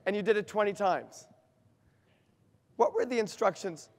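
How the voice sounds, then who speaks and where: A man's voice: sits high, moderate pace. A man giving an interactive workshop talk, quizzing his audience and explaining in an emphatic way. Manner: asks the audience questions, lively and emphatic. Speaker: workshop speaker. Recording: long reverb of a hall.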